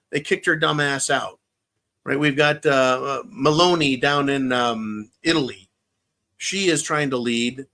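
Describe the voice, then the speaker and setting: On his political commentary stream, this man speaks in a bright, forceful voice on the higher side. His rant is thick with profanity, and he circles back to the same points again and again for emphasis.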